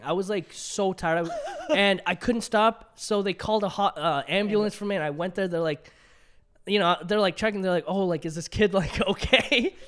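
A young man co-hosting a casual podcast chat, an animated storyteller who laughs often. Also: sits high, smooth. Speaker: podcast co-host.

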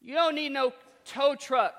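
A preacher doing an old country farmer, hollering across a field in a raised, high voice. He sounds folksy and unbothered. A long hall reverb trails after him. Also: steady tone, unhurried, vocal fry, bright, forceful tone, full character voice. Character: plain-spoken old male country farmer.

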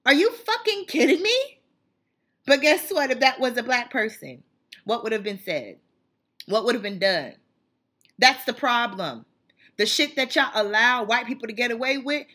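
Woman w/ going off on a fiery rant, kinda high, bit husky. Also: sharp tone. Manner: fiery, emphatic, repetitive. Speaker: channel host. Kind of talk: impassioned monologue.

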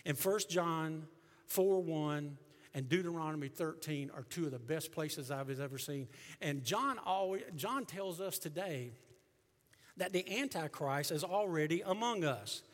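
Man, pastor, sermon, high voice, emphatic, echoing church hall. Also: lively intonation, measured pace. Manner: emphatic, rising to near-shouts then dropping low. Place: church sanctuary. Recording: long reverb of a church hall.

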